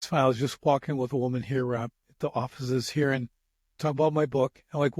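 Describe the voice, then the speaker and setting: A man's voice: mid-range voice, steady tone, quick pace, a little mellow, no room sound, clean studio sound. Rambling man in his sixties hosting. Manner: rambling, anecdotal. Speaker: podcast host. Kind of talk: casual interview chat.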